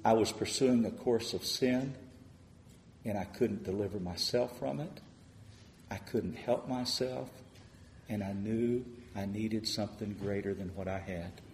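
Man, preacher, storytelling sermon, lower voice, faint room hum. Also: measured pace, roomy sound. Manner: tells stories, swelling louder on quoted prayers.

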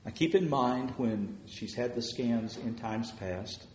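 A man preaching a sermon, telling stories of answered prayer and swelling louder as he retells people's words. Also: mid-range voice, expressive, slow pace, echoey room, slight background noise.

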